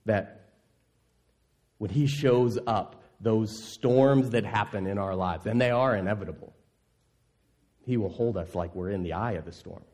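A man preaching a sermon as pastor, earnest, asking the congregation questions and sinking into a soft, low voice on key words. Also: a little slow, pauses often.

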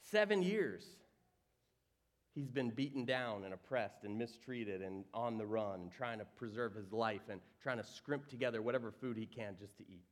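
A man preaching a sermon, reading scripture aloud and acting out the characters with sudden jumps in pitch and volume. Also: moderate pace. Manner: animated, acts out quoted voices with big swings in pitch and volume. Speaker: pastor.

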